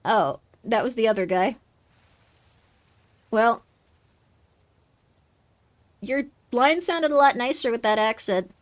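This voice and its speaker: A woman's voice: fairly high pitch, takes it slowly, pauses often. A woman streaming a horror game, chatting in a goofy, rambling way with jokey asides. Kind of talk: casual game-stream commentary.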